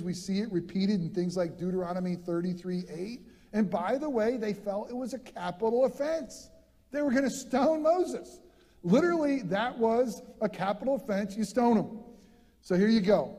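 A male pastor preaching an animated sermon in a church, repeating words as he gets fired up. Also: sits high, normal speed, in a large hall.

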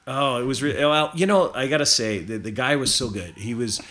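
A man's voice: mid-range voice, fairly quick, fairly bright tone. A man from Canada telling a long anecdote as a guest in a casual chat, rambling with lots of fillers and restarts.

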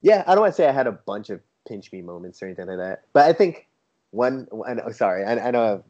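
Male guest, casual chat, eager storyteller, animated quoted voices, muffled lo-fi recording. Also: mid-range voice, fast talker. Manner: enthusiastic storyteller who quotes others in a lively, raised voice. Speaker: toy photographer guest. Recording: dull lo-fi sound.

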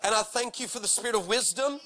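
A man preaching with a high, bright voice that carries and rings. He reads scripture dramatically and keeps the delivery animated and jokey. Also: fast talker. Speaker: pastor. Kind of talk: sermon.

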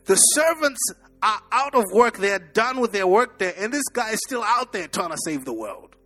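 A man's voice: sits high, big pitch swings, normal speed, bright, forceful tone, soft background music. A man preaching a sermon as pastor, emphatic and repetitive, with sudden bursts and drops in his delivery. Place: church service.

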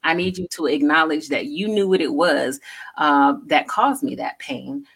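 A woman with a low voice co-hosts a relaxed talk show. She explains things earnestly, often adding "you know" as she goes. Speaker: co-host. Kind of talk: casual talk show chat.

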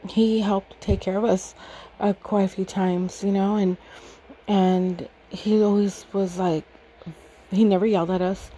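A woman's voice: medium pitch, level tone, a little slow, mellow, a little hiss or hum, low-quality recording. A woman in her thirties casually telling a fond family story, rambling with many fillers and frequent laughs. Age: 30s. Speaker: podcast storyteller.

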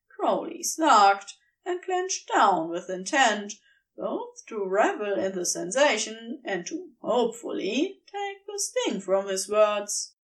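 Slow, expressive woman narrator. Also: a little high, far from the mic. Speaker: podfic reader. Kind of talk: scripted narration.

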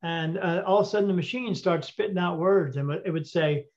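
A man telling a story as an interview guest, animated and acting out the dialogue, with frequent fillers. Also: sits high, fairly quick. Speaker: interview guest, intuitive reader. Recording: dull lo-fi audio.

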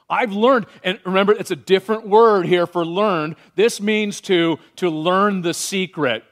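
A man preaching a sermon as pastor, animated and varied, slowing down when he reads scripture aloud. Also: high voice.

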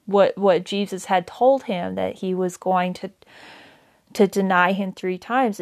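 A woman's voice: mid-range voice, darkish tone. A woman teaching a daily Bible reading in a casual, conversational way, with many fillers and self-corrections. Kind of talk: casual Bible study talk.

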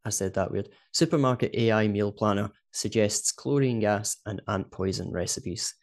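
A Scottish man talks casually on a podcast, sitting a little low in his register. He chats easily and breaks into laughs as he goes. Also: normal speed. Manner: chatty, laughs often, says "do you know what I mean". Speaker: podcast co-host. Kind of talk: casual chat.

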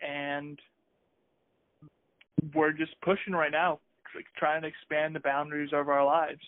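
A man's voice: a little high, flat delivery, a little slow, dry recording. A man co-hosting a podcast, chatting in a hesitant, upbeat way full of restarts. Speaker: podcast co-host. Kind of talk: casual conversational chat. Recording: tinny phone-like sound, dry.

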